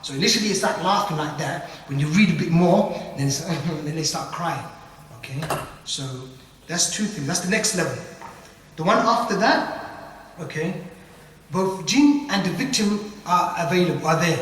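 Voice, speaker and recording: A man's voice: on the high side, expressive, moderate pace, a bit bright. A man with a British accent giving an informal spoken lesson, explaining loosely and repeating himself with tag questions. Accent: British English. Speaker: ruqya teacher. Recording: echoey hall from far off.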